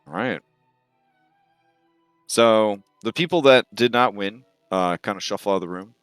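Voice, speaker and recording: Man, game master, low voice, relaxed narration, filler words, dry close sound. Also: measured pace, smooth, no room sound, soft background music. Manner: relaxed storytelling with frequent fillers.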